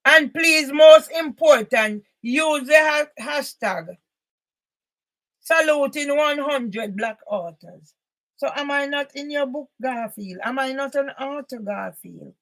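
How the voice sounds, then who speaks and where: Speaking slowly but with animation, a high-pitched woman directs an angry rant at one person. Taken from an author and campaigner's monologue video, her delivery is confrontational, punctuated again and again by forceful loud outbursts.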